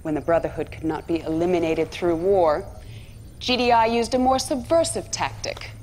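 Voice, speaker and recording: An actress voicing a persuasive female cult propagandist who narrates a measured recruiting speech in a game cutscene. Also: fairly low pitch, a little mellow, a little hiss or hum, lightly acted.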